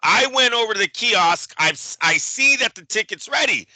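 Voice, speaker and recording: Man, storytelling co-host, high voice, very bright tone, animated, cursing. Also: normal speed, no room sound, poor audio. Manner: animated, profane, acts out quoted people. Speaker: boxing show co-host. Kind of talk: casual storytelling chat.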